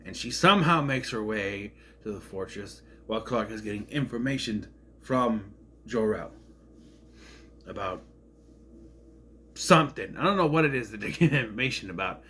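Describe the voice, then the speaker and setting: A man's voice: fairly low pitch, animated, normal speed, long pauses, bright, forceful tone, a little hiss or hum. A man casually recapping an episode, rambling and sarcastic, getting indignant over plot holes. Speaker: show reviewer.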